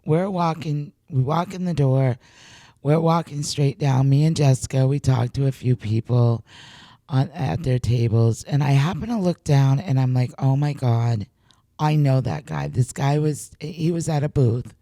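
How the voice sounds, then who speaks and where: A middle-aged woman hosting a podcast, telling an excited story in casual chat, stammering and laughing as she goes. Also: a bass voice, unhurried, no room sound, clean studio sound. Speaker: podcast host.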